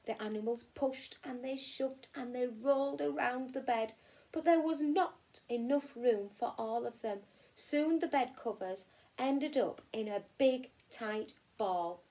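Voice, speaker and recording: A woman teacher from England reading a children's picture book aloud in an expressive storytelling way. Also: sits high, a little slow. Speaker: primary school teacher.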